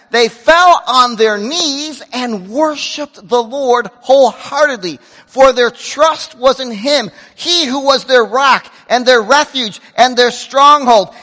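A man preaching a sermon as pastor, animated, acting out dialogue and swinging between loud outbursts and hushed asides. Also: very high voice, big-room sound. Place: church sanctuary.

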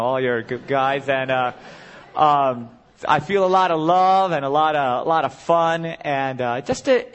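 A middle-aged man preaching a sermon as a guest speaker, earnest and building to impassioned cries. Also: fairly high pitch.

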